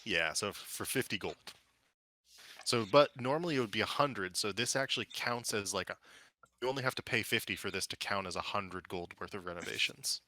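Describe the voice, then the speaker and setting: A man with a lowish, bright voice runs a tabletop game in a casual way. He narrates with lots of fillers and restarts. The recording is dry and close. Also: a little fast, dry recording. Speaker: game master.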